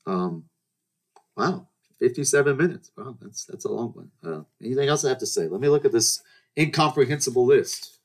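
A twenty-something podcast host spins a rambling, casual story full of restarts and acted-out exchanges. His voice is medium in pitch with lively intonation, a moderate pace and a breathy edge.

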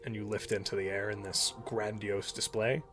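A man's voice: on the low side, little pitch movement, normal speed, a bit bright, slight background noise. A man narrating a tabletop game as game master, with a loose, descriptive delivery full of fillers. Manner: descriptive, many fillers and hedges.

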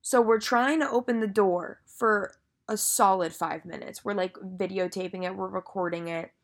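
A woman's voice: mid-range voice, fairly even intonation, moderate pace. A young woman telling a story in a casual monologue, chatty and full of filler words and swearing.

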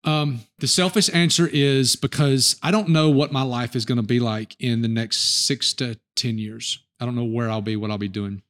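A man's voice: mid-range voice, moderate pace, hardly any pauses. A middle-aged man hosting a podcast interview in casual chat, talking in loose, rambling sentences with restarts. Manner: relaxed, rambling storyteller with restarts. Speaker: podcast host.

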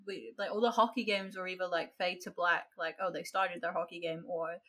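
A woman's voice: lowish voice, steady tone, a little fast, bright, forceful tone. A woman with an Australian accent, co-hosting a casual book chat podcast and ranting in a chatty way with lots of fillers. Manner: chatty, heavy use of "like", ranting. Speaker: podcast co-host.

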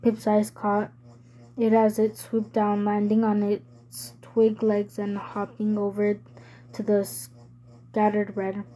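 A woman reading a novel aloud, softly, with frequent slips and self-corrections. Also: mid-range voice, monotone, takes it slowly, low-quality recording. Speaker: reader.

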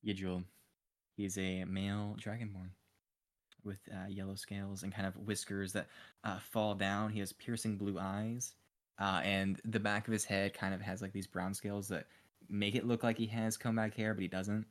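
Low-voiced man running a tabletop game. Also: moderate pace. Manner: relaxed, with many ums and uhs. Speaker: game master.

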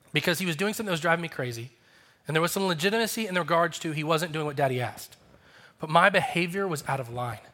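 Bright-voiced pastor preaching earnestly. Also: male voice, sits high. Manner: earnest, confessional, acts out quoted voices. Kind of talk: sermon.

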